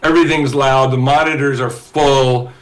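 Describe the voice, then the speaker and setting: Man, storytelling podcast guest, animated, lots of restarts, medium-pitched voice. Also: normal speed, low-quality recording. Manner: frequent restarts and fillers. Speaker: guest guitarist.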